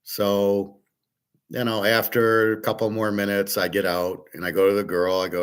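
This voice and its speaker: A man's voice: lowish voice, fairly even intonation, normal speed. A man hosting a casual monologue, rambling through a story with restarts and acted-out quotes. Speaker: host.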